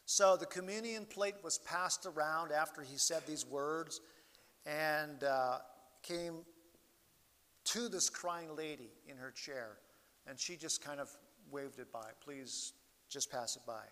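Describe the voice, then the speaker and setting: Slow, earnest male preacher in a reverberant hall. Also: on the high side. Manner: slow, earnest preaching with sweeping rises and drops in loudness. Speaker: pastor. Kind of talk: sermon.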